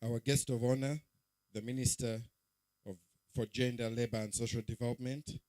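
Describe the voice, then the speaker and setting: A man's voice: medium pitch, steady tone, moderate pace, warm tone. A man opening a speech formally, listing the titles of the dignitaries present. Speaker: speaker opening a formal address.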